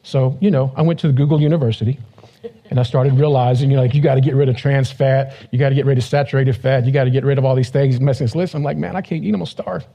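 Husky-voiced pastor preaching casually. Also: male voice, mid-range voice, level tone, quick pace, mellow, lo-fi sound. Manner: conversational, joking, acts out quoted voices. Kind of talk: casual humorous sermon.

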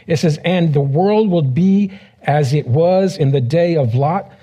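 Husky-voiced pastor preaching casually. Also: male voice, a little high, a little slow, dark tone. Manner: conversational, joking, acts out quoted voices. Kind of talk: casual humorous sermon.

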